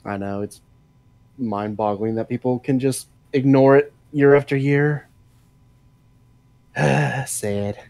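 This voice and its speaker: A man's voice: mid-range voice, slow, gravelly, pauses often, a little mellow, dry recording. A man in casual stream chat, ranting in a profane, rambling way and laughing often. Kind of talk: casual political rant chat.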